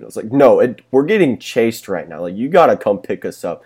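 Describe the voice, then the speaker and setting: A man's voice: lowish voice, animated, brisk, a little mellow, husky. Rambling, swearing man telling a story. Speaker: podcast co-host. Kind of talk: casual chat.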